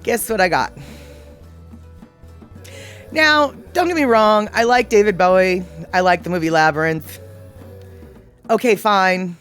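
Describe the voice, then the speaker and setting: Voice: mid-range voice, a little slow, fairly bright tone, soft background music. A livestream host in their forties chatting casually and reading viewer comments aloud, playfully exasperated.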